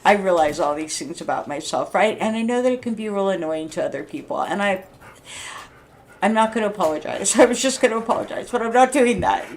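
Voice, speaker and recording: A woman talking to camera at home in a loud, rambling, chatty way and laughing often. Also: medium pitch, expressive, brisk, slight background noise. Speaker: vlogger. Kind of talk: casual talking vlog.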